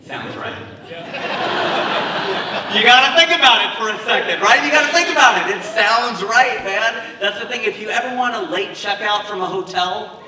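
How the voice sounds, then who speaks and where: A man doing a stand-up comedy set at a wedding, working the crowd with animated, laughing asides. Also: sits high, normal speed. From United States. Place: wedding reception venue. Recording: roomy, far-off mic with loud crowd.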